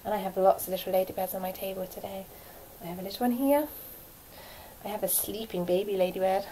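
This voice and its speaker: Mellow-voiced woman reading a storybook. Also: medium pitch, slight background noise, rough recording. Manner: gentle, lively storytelling with hushed asides. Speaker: primary school teacher. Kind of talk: reading a picture book aloud to young children.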